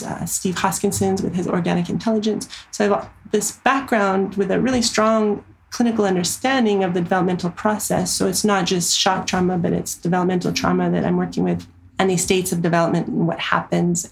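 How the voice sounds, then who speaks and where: Woman, 30s, therapist being interviewed, animated and earnest, some gravel in the voice, faint hiss behind. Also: on the low side, low-quality recording. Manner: earnest, animated storytelling with frequent fillers. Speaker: somatic therapist. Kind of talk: interview storytelling.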